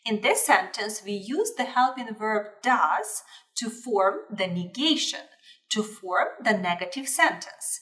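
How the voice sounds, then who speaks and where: A woman gives an English grammar lesson at a very unhurried pace, spelling out each example with deliberate care. Her voice sits at an ordinary middle pitch and comes from a little way off the microphone, so it sounds somewhat distant. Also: animated, pushed and bright. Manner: repeats example sentences slowly and clearly. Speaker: English teacher.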